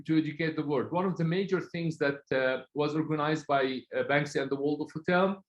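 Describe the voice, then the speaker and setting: A man from Palestine, speaking as a guest in an online talk in an earnest, halting way, often searching for words. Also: on the high side, roomy sound, poor audio.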